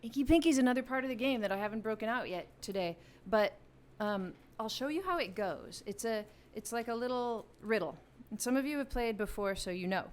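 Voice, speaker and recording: A woman's voice: fairly high pitch, brisk, hardly any pauses. Chatty woman hosting a live game. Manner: chatty, playful, explains rules to viewers. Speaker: music channel host running a live game. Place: home music room with a piano. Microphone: studio vocal mic.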